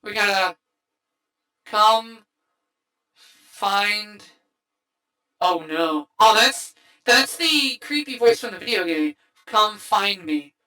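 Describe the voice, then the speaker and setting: Bright-voiced excitable woman streamer. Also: medium pitch, slow, pauses often, rough recording. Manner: excitable, rambling with many restarts. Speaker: streamer host. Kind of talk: casual livestream movie chat.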